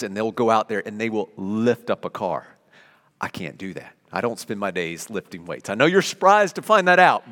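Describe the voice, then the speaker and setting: Animated man preaching in a hall. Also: mid-range voice. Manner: animated, conversational preaching with everyday examples. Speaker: pastor. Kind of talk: sermon.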